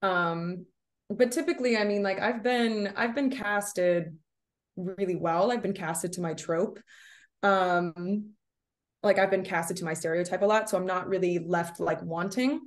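A woman's voice: on the low side, fairly even intonation, a little slow. A young woman from the United States, an actress chatting casually as an interview guest, with lots of fillers. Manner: chatty, many fillers, laughs often.

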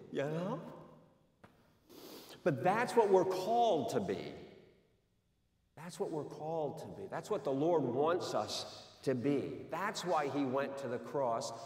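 A man's voice: medium pitch, a little mellow. A man preaching a sermon in a conversational way, with frequent restarts and light asides. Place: church sanctuary. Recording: echoey hall, mic from far off.

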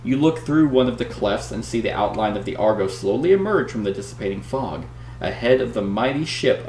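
Guy reading out a board game story all dramatic, kinda low voice, echoey room w faint hum. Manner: dramatic read-aloud, lively banter. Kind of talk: casual play-through with read-aloud narration.

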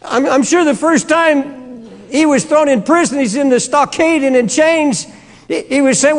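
Impassioned high-voiced preacher, echoing. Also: male voice, unhurried. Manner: impassioned, at times screaming. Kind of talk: sermon. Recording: long hall reverb.

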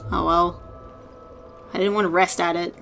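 A woman hosting a let's play, excitable and swearing, often laughing as she plays. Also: fairly low pitch, moderate pace, gravelly, faint music behind. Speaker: gaming let's-play host. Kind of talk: casual game commentary.

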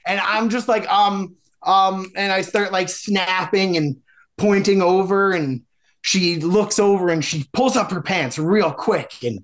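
A man's voice: high-pitched, measured pace, a bit bright. A man, a podcast guest, telling a long dating story in a casual, rambling way with many fillers and restarts.

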